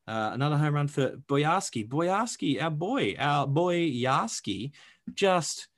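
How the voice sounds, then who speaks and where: A man's voice: fairly high pitch, slow. A young man co-hosting a sports podcast, chatting casually and reeling off stats with plenty of fillers and jokes. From Australia. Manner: animated, joking, rattles off stats with lots of fillers. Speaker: podcast co-host.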